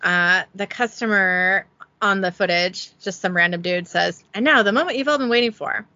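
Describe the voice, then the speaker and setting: A woman's voice: mid-range voice, moderate pace, pushed and bright, dry recording, highs cut off. A woman hosting a podcast, casually reading a script recap aloud and joking about it in a giggly, self-deprecating way. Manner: giggly, self-deprecating, reads quotes with little voicing. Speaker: podcast host recapping an episode.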